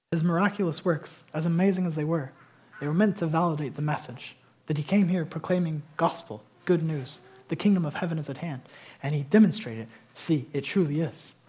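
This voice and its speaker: Husky-voiced man preaching a passionate sermon. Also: a little high, a little fast. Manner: passionate, swings between loud emphasis and quiet intensity. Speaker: pastor.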